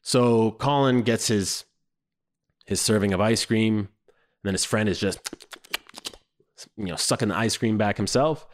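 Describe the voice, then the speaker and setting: A man giving casual comedic commentary on a show he watched, animated and profane, mocking it and jumping into high squeaky voices when he quotes people. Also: unhurried, long pauses. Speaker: show reviewer.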